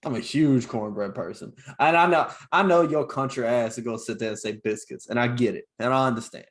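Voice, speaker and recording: A man from Louisiana with a Cajun accent, co-hosting a casual podcast over a video call, animated and quick to laugh. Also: medium pitch. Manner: animated, laughs easily, storytelling asides. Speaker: podcast co-host. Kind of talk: casual chat.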